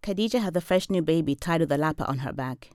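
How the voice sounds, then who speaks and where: Low-voiced woman reading a wry story. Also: no room sound, studio quality. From Zambia. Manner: measured, deadpan, wry. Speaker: professor and storyteller. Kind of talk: reading a first-person literary story.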